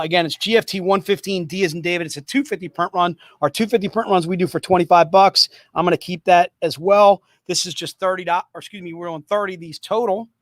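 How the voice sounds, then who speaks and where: A man with a fairly high voice runs a livestream comic book sale. He talks in an upbeat, repetitive hawking style with joking asides. The sound is dry and close, with little room. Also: fairly bright tone, no echo. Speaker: host selling comic books. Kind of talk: livestream sales pitch.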